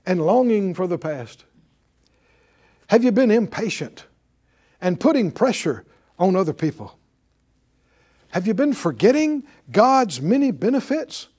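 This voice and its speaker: A man's voice: sits high, warm tone. A man preaching a sermon, leading his listeners to repeat lines and asking a list of emphatic questions. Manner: slow, deliberate preaching with call-and-response. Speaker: pastor.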